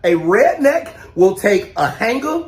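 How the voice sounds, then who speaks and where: Male comic, high voice, loud animated rants, slangy drawl. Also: a little slow. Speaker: comedy creator. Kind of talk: comedic monologue.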